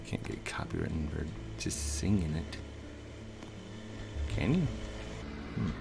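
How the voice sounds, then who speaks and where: Playful man with a lively voice. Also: takes it slowly, vocal fry, noisy background. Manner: playful, laughs often, hums and sings along; excitable, pitch jumps high when alarmed. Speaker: gaming channel host. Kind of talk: casual gameplay chat.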